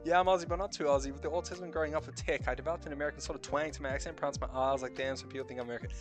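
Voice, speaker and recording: A man's voice: fairly high pitch, steady tone, rapid-fire, over music. A man from New Zealand with a light New Zealand accent, a streamer chatting casually in a rambling, self-correcting way with frequent swearing. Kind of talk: casual chat.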